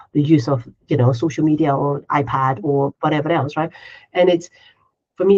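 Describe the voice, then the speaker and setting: A woman's voice: deep voice, a little mellow, husky, dull audio. Chatty woman podcast co-host saying "right?". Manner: chatty, tags sentences with "right?"; acts out her own inner voice in quotes. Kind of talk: casual chat.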